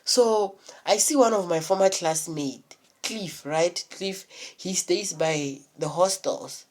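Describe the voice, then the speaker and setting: A woman's voice: lowish voice, takes it slowly, darkish tone. A young woman telling a rambling, profanity-laced story in a casual vlog, full of fillers and restarts. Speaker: vlogger.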